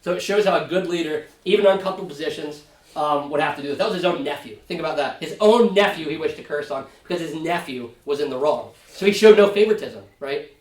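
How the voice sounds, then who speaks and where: A male pastor leads a relaxed Bible study in a church classroom, his voice a touch high for a man. He talks conversationally, often checking in with the class. The sound is roomy and picked up from a distance. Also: fast talker. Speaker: pastor teaching Sunday school. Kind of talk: casual Bible study teaching. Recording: roomy, from far off mic.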